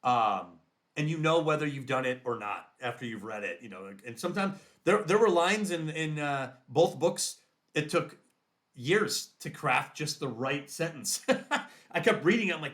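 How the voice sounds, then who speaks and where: A man with a fairly high speaking voice talks through his thoughts as a podcast guest. He is reflective and explains his process carefully, often thinking aloud mid-sentence. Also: lively intonation, normal speed, fairly bright tone. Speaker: guest author. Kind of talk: podcast interview.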